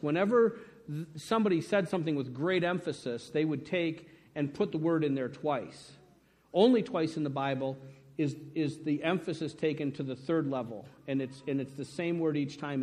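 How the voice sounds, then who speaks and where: A man's voice: on the high side, darkish tone. A man preaching a sermon to his congregation, emphatic and conversational, often checking in with "right?". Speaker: pastor.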